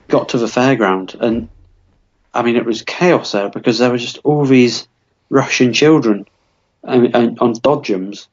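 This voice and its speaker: A man's voice: mid-range voice, darkish tone. A man in his twenties co-hosting a comedy podcast, rambling through a silly story with lots of fillers and restarts. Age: 20s. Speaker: podcast co-host. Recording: dull lo-fi podcast audio.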